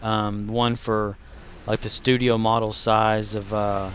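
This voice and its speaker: A Southern US man streams a game in a lowish, flat voice, speaking slowly over a faint hiss or hum. He rambles and jokes casually, his gaming commentary packed with fillers.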